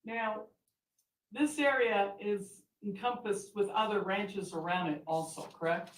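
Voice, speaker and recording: A woman attorney questioning a witness in a courtroom, asking deliberate, leading questions. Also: mid-range voice. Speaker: defense attorney. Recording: echoey courtroom audio from far mic.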